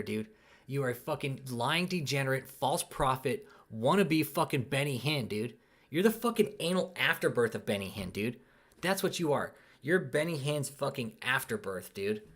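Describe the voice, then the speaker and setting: A young man hosts a live commentary stream in an angry, profane rant. His voice sits at an ordinary middle pitch, and he ends his sentences with "dude" or "man" as he vents. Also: fairly bright tone. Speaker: channel host.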